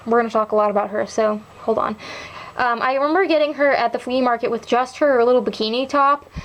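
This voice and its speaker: A young woman with a fairly high voice talks through her doll collection in an easy show-and-tell way. She rambles and leans on fillers as she goes. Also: quick pace, rough recording. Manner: chatty and rambling, with many fillers. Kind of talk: casual show-and-tell chat.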